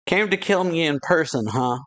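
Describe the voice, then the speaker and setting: A man's voice: a little high, animated, normal speed, a bit bright, pitched above the performer's own voice. A man reading out the lines of a brash, defiant pirate captain in a raised, taunting voice.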